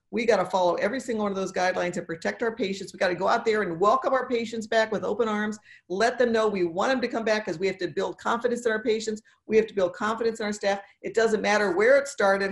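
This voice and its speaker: A woman in her sixties, a dentist and speaker, talking earnestly in a podcast interview, encouraging and repeating phrases for emphasis. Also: medium pitch. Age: 60s.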